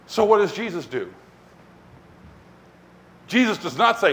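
A man preaching a sermon as pastor, telling the story in an animated way and acting out scenes. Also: sits high, measured pace, pauses often.

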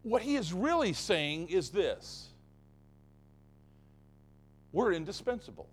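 A man preaching from the pulpit, with a high voice that climbs and drops all over. He hammers his points home by repeating phrases again and again. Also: sing-song, slow pace, slightly rough. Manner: emphatic, repeating phrases for effect. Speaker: pastor. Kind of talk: sermon.

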